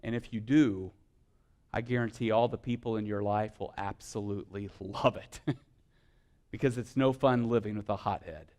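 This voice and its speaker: A man preaching a sermon, building from quiet, soft-spoken stretches to loud, passionate exhortation. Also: fairly low pitch, fairly even intonation, moderate pace. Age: adult with children. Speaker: pastor.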